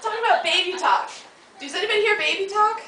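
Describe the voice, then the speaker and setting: A woman from the US does stand-up at a comedy club in a very high, fast, bright and forceful voice. Chatty and playful, she teases the audience and uses silly voices. The recording is echoey, with the mic at a distance and audience laughter in the background.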